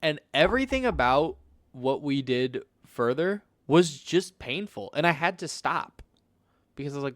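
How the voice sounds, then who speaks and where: Blunt, animated man on a podcast. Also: a little high, normal speed, no room sound. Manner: blunt and swearing, talks through stories with quoted reactions. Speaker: podcast co-host. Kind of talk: casual chat. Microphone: studio microphone.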